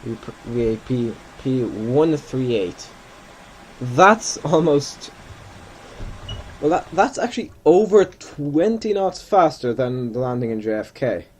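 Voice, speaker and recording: Lively man thinking aloud while gaming. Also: medium pitch, slow pace, a little hiss or hum, poor audio. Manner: thinks aloud, self-correcting and chatty. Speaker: flight simulator gamer. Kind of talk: casual gameplay commentary.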